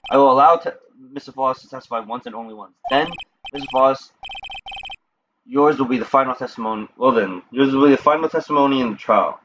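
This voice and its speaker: A man voicing an elderly courtroom judge who speaks in formal, measured rulings. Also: mid-range voice, fairly bright tone, slight background noise, natural voice, rough recording.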